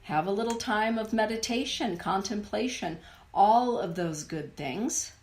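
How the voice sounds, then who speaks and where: A middle-aged woman giving a live oracle card reading to viewers, speaking in a soothing, unhurried way. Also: mid-range voice, slight background noise. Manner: slow, soothing, unhurried delivery. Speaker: spiritual card reader.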